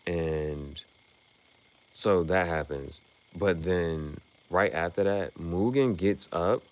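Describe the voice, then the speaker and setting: Very deep-voiced man recapping an anime. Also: slow. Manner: loose and chatty, full of fillers and restarts. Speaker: anime reaction streamer. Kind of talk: casual rambling episode recap.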